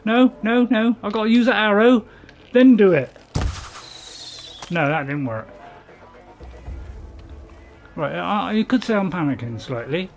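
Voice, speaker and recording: A man hosting a gaming channel, giving live commentary as he plays and talking to himself, swinging between panic and calm. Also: high voice, measured pace, vocal fry, pauses often, soft background music.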